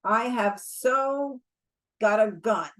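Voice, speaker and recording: A petulant would-be gunman who blusters more than he threatens, as a woman reads him out. He speaks slowly, sulking when challenged. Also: a little high, fairly bright tone, poor audio. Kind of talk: audiobook character voice.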